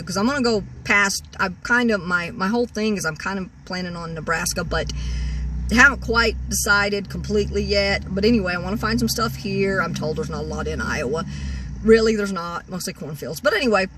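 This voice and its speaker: A woman in her sixties talks through a rambling rant from her parked vehicle, circling back over her words and restarting sentences. Her voice is bright and sits a little away from the mic. Faint traffic noise runs behind her. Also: mid-range voice, distant mic. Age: 60s. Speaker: car-camping vlogger. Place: parked vehicle in a store parking lot.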